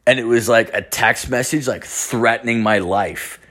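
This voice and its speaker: A man's voice: medium pitch, normal speed, fairly bright tone. A man in his late thirties hosting his own show, telling a rambling, profane story full of fillers and swearing. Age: late 30s. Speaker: podcast host.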